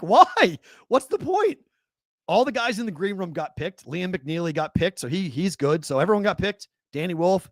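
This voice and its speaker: High, gravelly Boston man ranting. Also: dry recording, studio quality. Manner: incredulous, animated ranting with laughs. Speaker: host. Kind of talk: live sports talk show.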